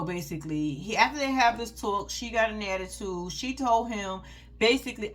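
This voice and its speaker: A woman recaps a reality TV episode in a casual, heated commentary, with a voice that sits a bit on the high side. She is blunt and opinionated and swears freely as she calls out the people on the show. She speaks directly to her viewers as if they are chatting together. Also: animated, normal speed, a bit bright. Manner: addresses viewers directly as "y'all".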